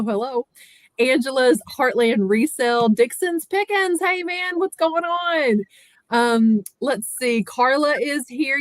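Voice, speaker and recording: A woman's voice: a little high, no room sound. A woman hosting a casual livestream chat, greeting viewers by name in a chatty way. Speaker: livestream host.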